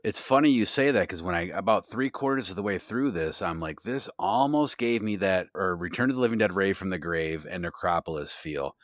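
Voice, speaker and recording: A man with a low, deep voice chats on a podcast, enthusiastic and loose with swearing. His rambling asides come through a close mic in a dry, dead room. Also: expressive, brisk, hardly any pauses, a bit bright, no room sound. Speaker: podcast co-host. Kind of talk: casual podcast chat.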